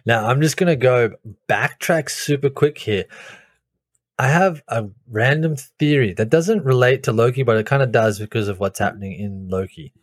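A man co-hosting a podcast in casual chat, laying out a theory step by step in a measured way. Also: mid-range voice, dry recording, clean studio sound. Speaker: podcast co-host.

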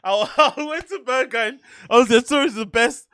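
A man hosting a podcast, telling rambling, profane, animated anecdotes in casual chat. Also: extremely high pitch, normal speed, clear, resonant tone, no room sound, studio quality. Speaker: podcast host.

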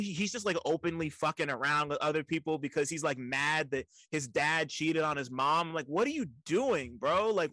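A young man in casual chat, animated and profane, stammering repeats and laughing often. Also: fairly high pitch, dry recording, poor audio.

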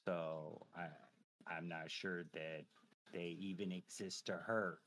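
A man in his thirties, a veteran guest on a podcast, telling a personal story in casual chat, profane and animated, full of filler phrases. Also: deep voice, slow.

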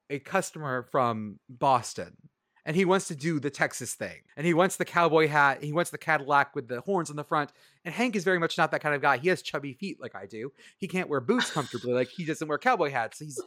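A man's voice: a little high, lively intonation, a little fast, fairly bright tone, no echo, studio quality. A man co-hosting a casual sports podcast, talking in a sardonic, rambling way and swearing freely. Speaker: podcast co-host.

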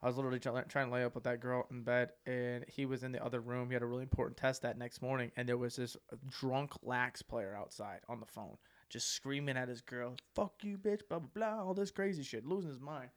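A young man in his twenties co-hosting a podcast, telling crude stories in a casual, animated way and acting out quotes loudly. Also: mid-range voice, quick pace, smooth. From United States. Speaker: podcast co-host. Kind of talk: casual storytelling chat.

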